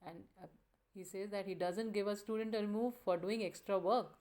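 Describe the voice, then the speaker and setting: A woman teacher explaining a play scene line by line, pausing now and then with fillers. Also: mid-range voice, steady tone, darkish tone. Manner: reads quoted lines aloud, with pauses and fillers.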